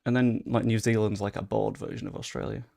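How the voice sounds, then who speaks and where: A young man chatting casually while commentating his game, swearing and bursting out in excitement. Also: lowish voice, fast talker, vocal fry. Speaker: gaming streamer.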